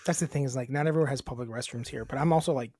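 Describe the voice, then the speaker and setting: A woman's voice: extremely low pitch, racing, warm tone, no room sound. A woman co-hosting a podcast, chatting casually in a blunt, rambling, crude way. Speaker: podcast co-host. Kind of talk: casual chat.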